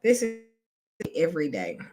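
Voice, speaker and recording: A woman's voice: low voice, huge pitch swings, moderate pace, warm tone. A woman, hosting a casual chat for her viewers, exasperated and chatty, calling them y'all. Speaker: channel host.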